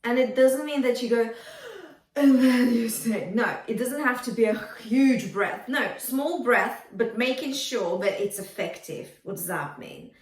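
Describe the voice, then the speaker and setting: A woman vocal coach talks singers through their technique in an encouraging way, dropping into brief sung examples. Her voice sits fairly high. The sound is roomy, with her set back from the microphone. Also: lively intonation, moderate pace, few pauses. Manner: encouraging, demonstrative, sings short phrases to show. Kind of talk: singing lesson feedback with sung demonstrations. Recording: roomy, from a distance.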